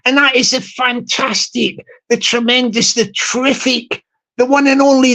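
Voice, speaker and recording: A man's voice: very high voice, little pitch movement, normal speed, bright, forceful tone. A man hosting a vlog, talking in a rambling, jokey comic monologue with lots of repetition. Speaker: channel host.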